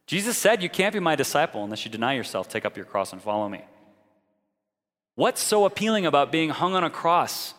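A man's voice: on the high side, very animated, brisk, a bit bright, in a large hall. A man preaching a sermon in an earnest, direct way, now and then mocking the views he argues against.

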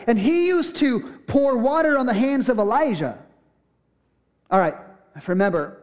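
A young adult man preaching a sermon, retelling a scripture passage casually and acting out the characters' lines. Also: sits high. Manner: casual storytelling with acted-out quotes. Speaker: pastor.

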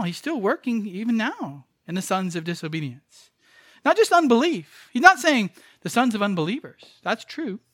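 A man's voice: high voice, fairly bright tone, no room sound, studio quality. A man preaching a sermon as pastor, emphatic, repeating phrases and asking rhetorical questions.

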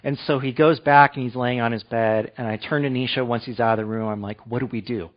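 A man's voice: mid-range voice, steady tone, brisk, muffled recording. A man in his thirties preaching a sermon as pastor, talking conversationally and asking his listeners questions. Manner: conversational, asks the room questions.

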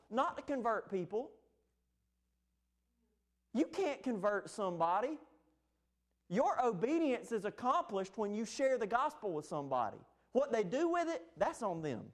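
High-pitched preacher guy giving a sermon, punchy rises and drops. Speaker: pastor. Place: church sanctuary.

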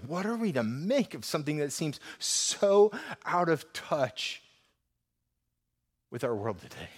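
A man's voice: a little high, slightly rough. A middle-aged man preaching as a pastor, telling everyday stories in a conversational way and building to urgent, emphatic appeals. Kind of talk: sermon.

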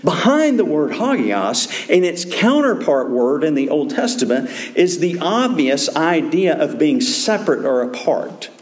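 A man's voice: fairly high pitch, sing-song, measured pace, hardly any pauses. A man pastor preaching a sermon in a conversational way, often restarting his sentences as he explains scripture. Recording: roomy echo.

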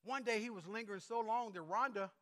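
A male preacher tells stories from his ministry in a high, earnest voice that stumbles and repeats words now and then. His sermon echoes with a long reverb, as in a large church sanctuary. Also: quick pace, pushed and bright.

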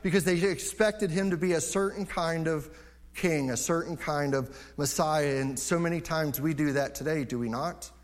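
Earnest higher-voiced male pastor preaching. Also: normal speed. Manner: earnest, repeats words when starting phrases. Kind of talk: sermon.

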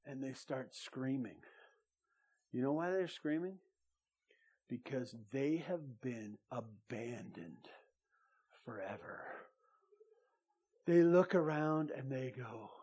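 A man preaching a sermon, swinging between loud emphatic lines and soft intimate asides. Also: medium pitch, lively intonation, slow pace, pauses often, slightly rough. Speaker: pastor.

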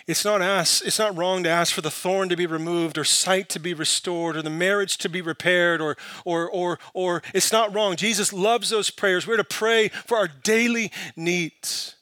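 A man preaching a sermon, building from quiet, searching questions to impassioned, emphatic peaks. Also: sits high, steady tone, moderate pace, few pauses, clear, resonant tone, dry recording. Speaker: pastor.

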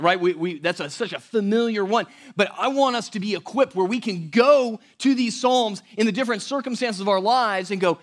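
A man with a slightly high voice teaches a verse-by-verse sermon. He talks in a relaxed, conversational way and drops in joking asides. His volume swings from loud emphasis to near-hushed lines. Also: brisk, hardly any pauses. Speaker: pastor.

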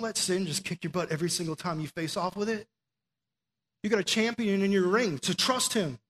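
A man preaching a sermon in a relaxed, conversational way, telling stories and often dropping in "like" as a filler. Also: sits high, a little fast. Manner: conversational storytelling with frequent "like" fillers.

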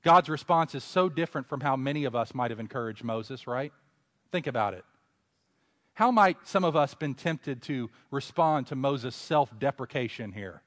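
A man preaching an expository sermon, moving between conversational asides and loud, emphatic exhortation. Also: expressive, normal speed, long reverb tail. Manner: builds to loud emphatic exhortation, then drops low; conversational asides and self-corrections.

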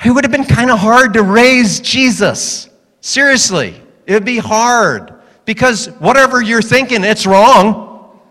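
A pastor delivering a humorous sermon to a congregation, animated and joking, acting out the voices in his stories. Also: extremely high pitch, unhurried, long reverb tail.

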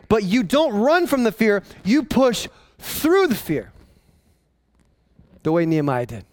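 A man, a pastor, preaching a sermon in an animated way, repeating and restarting phrases as he drives his points home. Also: high-pitched, slow pace, dry recording. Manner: animated, acting out voices of people in the story.

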